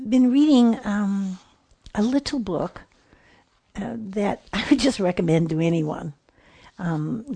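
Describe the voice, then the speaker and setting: A woman's voice: lowish voice, gravelly, mellow, husky. A middle-aged woman hosting a Christian radio show from a studio, giving an earnest, reflective devotional talk with many restarts.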